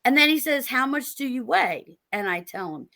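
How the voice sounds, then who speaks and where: Middle-aged woman guest, animated storyteller, bright and fairly high voice. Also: normal speed, vocal fry. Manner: animated, laughing storyteller acting out quotes. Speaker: podcast guest, author. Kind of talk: casual interview storytelling.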